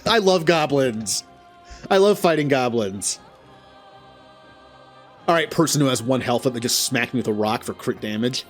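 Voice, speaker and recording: Male gamer, let's play commentary, thinking aloud, chuckling, mid-pitched voice. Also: animated, unhurried, pauses often, faint music behind. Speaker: gaming channel host.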